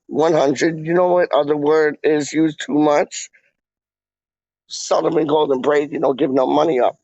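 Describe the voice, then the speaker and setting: A man rambling through a casual livestream, his voice slightly high and full of gravel and fry. He drawls slowly, piling on slang and "like". The audio is dull and lo-fi. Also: no echo. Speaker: fan vlogger reading live chat.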